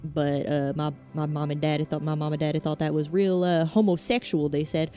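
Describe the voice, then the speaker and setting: A woman's voice: deep voice, steady tone, a little fast, warm tone, soft background music, natural voice. A woman with a Southern American accent putting on a blustering middle-aged male football coach from Alabama, with a rambling, folksy pep-talk delivery.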